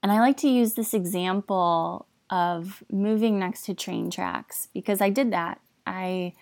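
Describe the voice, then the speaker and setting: Slow, candid young woman talking. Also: medium pitch, a little mellow, no room sound, clean studio sound. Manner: candid, confessional, speaks with frequent "like" fillers. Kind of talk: personal reflective talk.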